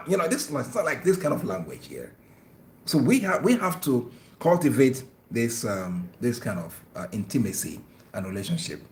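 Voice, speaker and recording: A man's voice: mid-range voice, wildly swooping pitch, normal speed. Earnest man preaching in an echoey room. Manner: earnest, preachy, stammers on repeated words. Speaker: Islamic talk show host. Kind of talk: religious advice talk with phone-in.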